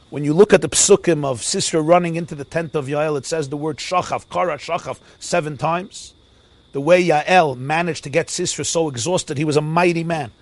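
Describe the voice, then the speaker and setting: A man giving an animated, sing-song Torah lecture. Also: on the high side. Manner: animated, sing-song preaching with Yiddish and Hebrew terms. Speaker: rabbi teaching a Torah class.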